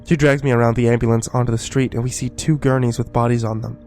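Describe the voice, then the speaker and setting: Guy reading a scary story, hushed and low, music playing soft behind. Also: flat delivery, fast talker. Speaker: horror story narrator. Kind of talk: scripted first-person horror narration.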